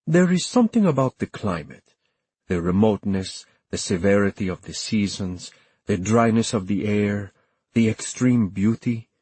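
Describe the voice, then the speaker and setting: A man narrating an audiobook in a measured storytelling manner. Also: on the low side, warm tone, husky, dry recording.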